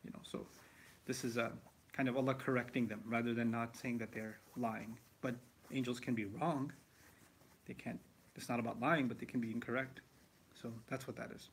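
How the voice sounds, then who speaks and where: A man teaching the Quran in a live question-and-answer session, explaining with lively asides and rhetorical questions. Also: mid-range voice, moderate pace, a little hiss or hum. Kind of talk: live Q&A lesson.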